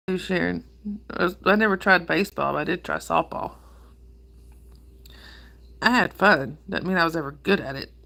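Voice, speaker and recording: A woman, hoarse from a cold, chatting casually with viewers on her livestream and greeting them by name. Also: lowish voice, unhurried, long pauses, fairly bright tone. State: hoarse with a cold and sore throat. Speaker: livestream host. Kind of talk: casual live chat with viewers.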